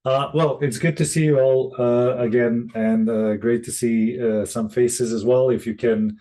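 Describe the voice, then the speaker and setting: Male facilitator on a video call; mellow voice, halting delivery full of fillers. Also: medium pitch, fairly even intonation. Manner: halting, many restarts and fillers. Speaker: session facilitator. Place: room in Boston.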